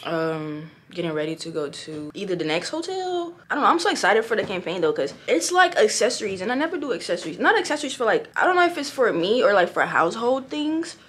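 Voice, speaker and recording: A hoarse young woman vlogging casually in a hotel room, rambling loosely and swearing now and then. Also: mid-range voice, very animated, quick pace, few pauses, a bit bright, a little hiss or hum. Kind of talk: casual vlog chat. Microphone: small clip-on mic.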